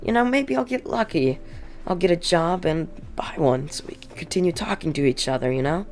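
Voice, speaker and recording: Teen boy ghoul, read by a woman: low, casual, coldly menacing, storybook read-aloud. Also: expressive, brisk, darkish tone, faint music behind, close to an everyday voice. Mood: weary. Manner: casual, offhand threats.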